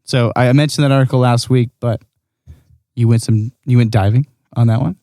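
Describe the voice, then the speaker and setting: Easygoing podcast co-host guy, middle pitch, dry mic. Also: fairly even intonation, brisk, dark tone, dry recording. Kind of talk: casual chat.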